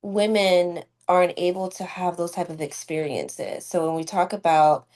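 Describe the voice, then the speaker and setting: A woman speaks in a low, grounded voice in a relaxed podcast chat. She tells an emotional story from her work as a doula, emphatic and heartfelt. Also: moderate pace. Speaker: doula and student midwife. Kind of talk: casual podcast conversation.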